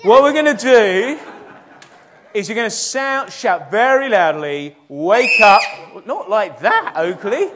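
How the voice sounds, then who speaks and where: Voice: medium pitch, big pitch swings, measured pace, fairly bright tone, slight background noise. A children's church leader talking playfully and coaxingly with a group of children in a church.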